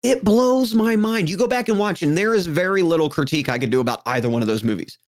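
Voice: mid-range voice, fast. A speaker in casual conversation, enthusing about films in a rambling, emphatic way and swearing for emphasis. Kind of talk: casual movie chat.

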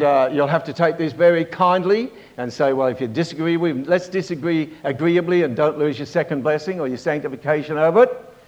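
A man preaching a Bible-teaching sermon, pausing often with fillers and restarts and asking the congregation for amens. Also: a little high, darkish tone. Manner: halting, with many fillers and restarts. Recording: dull lo-fi recording.

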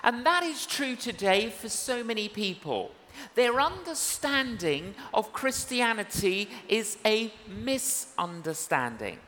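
A male evangelist preaching a sermon in a church service, earnest and unhurried, acting out dialogue in his stories. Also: sits high, sing-song, pushed and bright. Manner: slow, earnest, acts out dialogue in anecdotes. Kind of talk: sermon with storytelling. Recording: reverberant church hall with faint noise.

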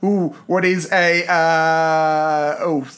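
High-voiced, rambling British podcast man. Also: fairly even intonation, drawn-out words, fairly bright tone. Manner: rambling, enthusiastic, nerdy tangents. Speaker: podcast co-host. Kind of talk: casual comedic podcast chat.

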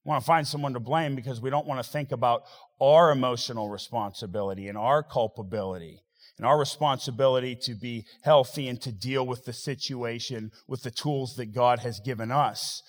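A man preaching a sermon as pastor, swinging between loud rising exhortation and quiet, wry asides. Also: medium pitch. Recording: long hall reverb.

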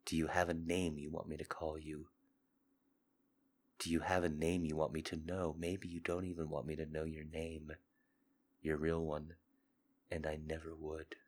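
A man hosting a podcast with a sick, hoarse voice, talking in an intimate confessional monologue. He is earnest and seductive, swinging between loud urging and soft murmurs. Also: very deep voice, flat delivery, normal speed, pauses often. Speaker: podcast host.

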